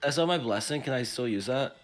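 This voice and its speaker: A man's voice: mid-range voice, animated, quick pace, soft background music. A man playing in a tabletop game, chatting casually with eager short remarks. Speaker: player. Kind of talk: casual chat.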